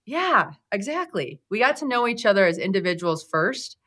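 A woman's voice: medium pitch, big pitch swings, moderate pace, a bit bright. A woman hosting a podcast, who introduces her guest with enthusiasm and keeps the talk going with keen, encouraging replies. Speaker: podcast host. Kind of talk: podcast interview.

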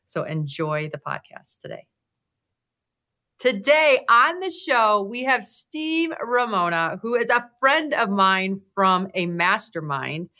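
A woman's voice: mid-range voice, sharp tone. A woman hosting a podcast, who introduces her guest with enthusiasm and keeps the talk going with keen, encouraging replies. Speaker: podcast host. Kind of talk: podcast interview.

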